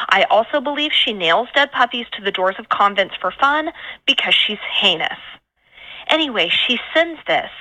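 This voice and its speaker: A woman's voice: a little high, sharp tone, low-quality recording. A woman sending a phone voice memo, delivering a mock-serious takedown in a newscaster-like manner.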